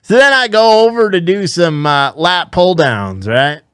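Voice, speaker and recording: A man's voice: high voice, a little slow, smooth, no echo, clean studio sound. A man putting on a Southern gym guy drawl. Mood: amused. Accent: put-on Southern US. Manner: excited, profane, laughing, animated. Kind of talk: comic storytelling.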